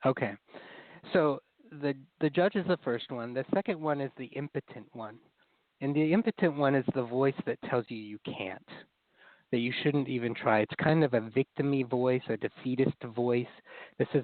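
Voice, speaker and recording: A man's voice: mid-range voice, normal speed, no echo. Man explaining on a tinny line. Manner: earnest, acts out inner critical voices in quotes. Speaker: therapist guest. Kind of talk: explanatory interview talk.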